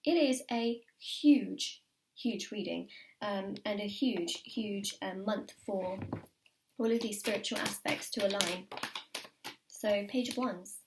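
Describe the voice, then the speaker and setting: A woman's voice: medium pitch, slow, heavy background noise. A British woman talks through a tarot reading in an eager, emphatic way. She stacks up repeated words and gasps out little exclamations as the cards turn over. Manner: enthusiastic, repeats words for emphasis, drops to whispers. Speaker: tarot reader.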